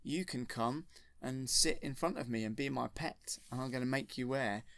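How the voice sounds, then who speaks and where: A cruel, mocking slug-like crime boss sneers at his captives with easy contempt, as a man telling the story puts him on. The voice stays mid-pitched and plain, recorded dry and close. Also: normal speed, creaky, a bit bright, no room sound.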